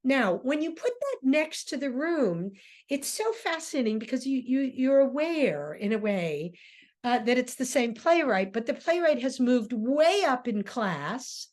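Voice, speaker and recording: A woman's voice: sits high, sing-song, unhurried, darkish tone. A woman lecturer and theater director giving a class on plays, talking with frequent ums and restarts. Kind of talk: lecture on drama, reading play excerpts aloud.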